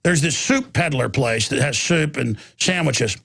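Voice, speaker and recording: A man's voice: mid-range voice, lively intonation, a little slow, creaky, a bit bright, husky. A man hosting a radio talk show, telling a long rambling story in a ranting monologue. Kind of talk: ranting monologue with mocking impressions.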